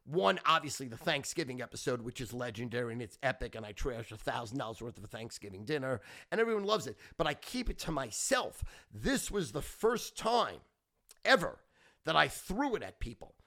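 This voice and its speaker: Brash, excitable middle-aged man. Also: mid-range voice, brisk. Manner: brash, profane, boastful and excitable. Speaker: podcast host. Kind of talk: casual storytelling monologue.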